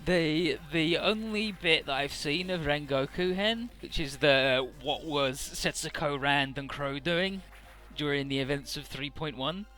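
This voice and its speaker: A man's voice: a little high, unhurried, bright, forceful tone, soft background music. A young man giving casual, rambling and profane commentary over a video game playthrough. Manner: rambling, profane, jokey retelling. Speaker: Let's Play commentator.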